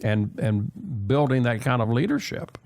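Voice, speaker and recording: A man hosting an interview podcast, chatting in a halting, playful way with many fillers. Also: mid-range voice, sing-song, gravelly, darkish tone. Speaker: podcast host. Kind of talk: conversational interview.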